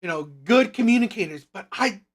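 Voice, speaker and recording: A woman delivers opinion commentary on her own channel, blunt and emphatic, circling back over her points. Her voice sits on the higher side. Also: lively intonation, a little fast. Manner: blunt, emphatic, repeats phrases.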